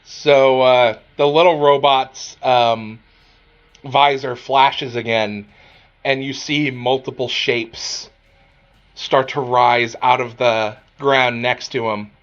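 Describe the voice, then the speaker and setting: Bright-voiced, slow-paced game master. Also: male voice, mid-range voice, steady tone, muffled recording. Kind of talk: narrating a tabletop game.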